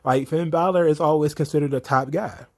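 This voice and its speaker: A man's voice: a little high, fairly quick, darkish tone. A man hosting a casual wrestling recap show, talking loosely with swearing and frequent laughs, briefly acting out the wrestlers' lines. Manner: loose, profane and laughing, acts out promo quotes. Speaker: wrestling commentary host. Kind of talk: casual solo recap commentary.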